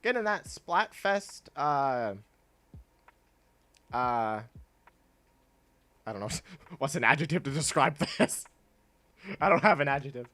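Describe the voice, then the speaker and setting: A young man casually chatting with his chat while playing a video game, laid-back and quick to laugh. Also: fairly high pitch, expressive, a bit bright. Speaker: streamer.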